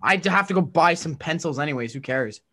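A man's voice: a little high, animated, quick pace, pushed and bright. A young man co-hosting a comedy podcast, goofy and full of absurd non sequiturs. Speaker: podcast co-host. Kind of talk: improvised comedy podcast banter.

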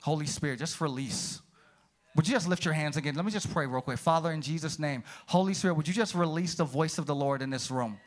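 A man preaching a sermon as pastor in a church, swinging from loud high peaks down to low quiet asides and calling out to the congregation. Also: fast talker. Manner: energetic, rises to high shouted peaks then drops low; calls out "come on", "praise the Lord" to the congregation.

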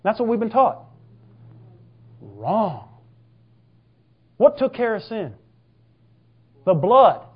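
A man preaching a fervent, emphatic sermon, now and then bursting into shouts. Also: high-pitched, animated, measured pace, pauses often, slightly rough, lo-fi sound. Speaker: pastor.

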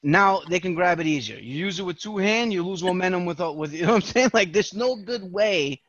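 A man's voice: sits high, lively intonation, fairly quick, a bit bright, dry recording, muffled recording. Profane rambling New York man. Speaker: podcast host. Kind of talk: casual chat.

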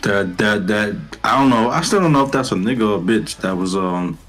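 A man's voice: fairly low pitch, lively intonation, a little fast, a bit bright, faint music behind. A young man co-hosting a podcast, recapping an anime episode in loose, profane slang with lots of restarts. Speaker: podcast co-host. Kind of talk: casual anime recap chat.

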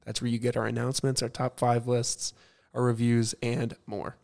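A young man hosting a podcast, talking low and hushed late at night and reading an ad. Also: completely flat delivery, moderate pace, vocal fry. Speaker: podcast host. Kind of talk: casual podcast chat and ad read.

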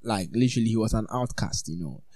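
Male preacher, casual animated sermon, low-ish warm voice, dry close sound. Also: fast talker, no room sound. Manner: informal, animated, full of "like" and "you know". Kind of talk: conversational sermon.

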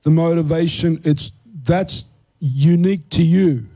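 Host, NY-man, slightly high but dark, mellow voice, earnest explainer. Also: a little slow, husky, low-quality recording. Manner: earnest teaching tone with fillers. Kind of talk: Christian talk show discussion.

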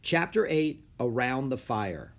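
A man narrating a children's storybook aloud, expressive and animated. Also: medium pitch, slow, vocal fry.

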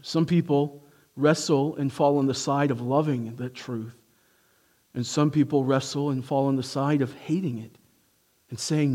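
A man preaching a sermon, emphatic and swinging from hushed to forceful, who asks his congregation rhetorical questions. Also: medium pitch, fairly even intonation, measured pace.

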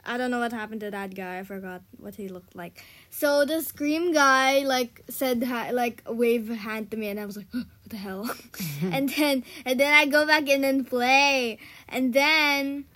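High-voiced young woman rambling a story. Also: unhurried, sharp tone. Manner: rambling, full of "and then, um", giggly. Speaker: podcast co-host. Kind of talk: casual chat, storytelling.

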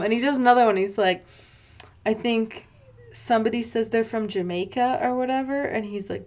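A woman's voice: fairly high pitch, normal speed. A woman co-hosting a casual chat, gushing about a movie and acting out its lines. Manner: gushing, quotes movie lines in put-on voices. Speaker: podcast co-host.

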